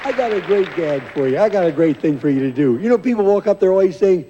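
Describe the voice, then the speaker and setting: A man's voice: high voice, lively intonation, fast, warm tone, some chatter behind, slight background noise. Older man telling jokes on stage. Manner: rambling, chuckles at his own jokes, tags lines with "see?". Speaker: comedian. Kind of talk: stand-up joke telling. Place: large theater stage before a live audience. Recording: dull lo-fi VHS concert recording with long hall reverb.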